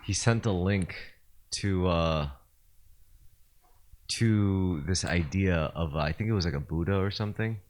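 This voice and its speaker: A man with a deep, low voice co-hosting a podcast. He talks in a loose, rambling way, with lots of "like" and "um" and sentences he starts over. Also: unhurried, pauses often, a little mellow. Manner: rambling, filler-heavy, restarts often. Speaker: podcast co-host. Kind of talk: casual chat.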